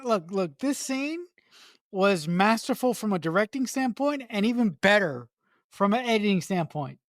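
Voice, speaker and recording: A woman's voice: medium pitch, expressive, moderate pace, dry recording, clean studio sound. A woman co-hosting a podcast, talking about a film in casual chat, swearing emphatically and stumbling over restarts when worked up. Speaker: podcast co-host.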